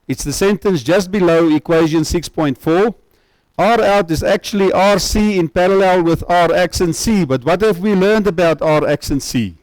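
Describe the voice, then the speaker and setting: A man's voice: high-pitched, darkish tone, dry recording, low-quality recording. A man giving a university lecture, often checking that students follow with tag questions.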